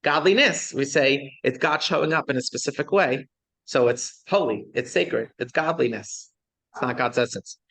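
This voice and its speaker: A man's voice: mid-range voice, moderate pace, a bit bright. A man, a rabbi, teaching a class in a conversational lecture style, often checking in with his students and asking them questions.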